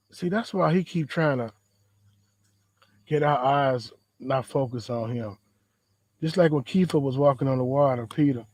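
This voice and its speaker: A man with a somewhat high voice talks through a faith message like a loose conversation. He leans on slang and repeats phrases for emphasis. The sound is dry and close, with little room echo. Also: dark tone. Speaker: podcast host. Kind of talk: casual faith talk. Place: outdoors in a backyard.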